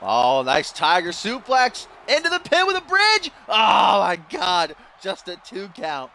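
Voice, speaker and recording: A young man calls a video game wrestling match in a high, bright voice that swings widely as he gets excited. He laughs and groans at the mistakes with exasperated energy. A faint hiss sits under the recording. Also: unhurried, creaky. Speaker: gaming YouTuber. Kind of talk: play-by-play commentary over a wrestling video game.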